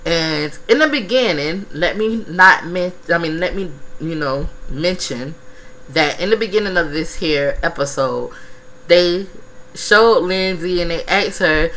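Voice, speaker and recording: A woman's voice: fairly low pitch, unhurried, a bit bright, low-quality recording. A woman giving a blunt, profane, gossipy recap of a reality show episode. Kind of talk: casual recap vlog.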